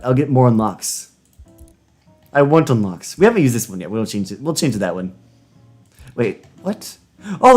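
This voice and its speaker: Excitable male streamer, very animated pitch. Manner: excitable, loud reactions. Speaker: streamer playing a text adventure. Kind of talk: live game commentary.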